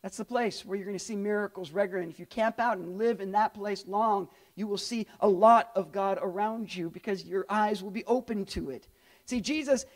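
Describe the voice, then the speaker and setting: A man with a very high voice preaches a sermon as a pastor, animated and conversational. He jumps into character voices for the people in his story. He is middle-aged and addresses the congregation directly.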